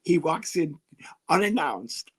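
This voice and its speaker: A man, a comedian guest on an interview show, telling an animated story and acting out the people in it. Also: a little high, takes it slowly, slightly rough. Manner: lively, animated, acts out the people he quotes.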